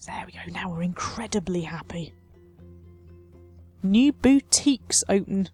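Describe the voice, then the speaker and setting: A woman's voice: mid-range voice, animated, a little slow, a little mellow, faint music behind. A woman hosting a city-building let's play, chatting wryly and talking to her simulated residents as she builds. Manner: chatty, wry, talks to her sims. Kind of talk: casual game commentary.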